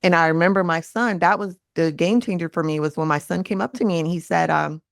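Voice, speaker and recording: A woman's voice: fairly low pitch, a little fast, creaky, few pauses, dry recording, clean studio sound. A woman in her thirties, a mindset coach, talking earnestly in a casual podcast chat and acting out quoted lines. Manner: earnest, animated, acts out quotes.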